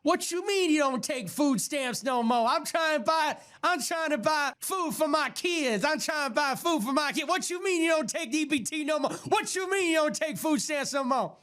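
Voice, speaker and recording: Man doing a high indignant woman, corner store complaint, exaggerated. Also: animated, normal speed, hardly any pauses, a bit bright.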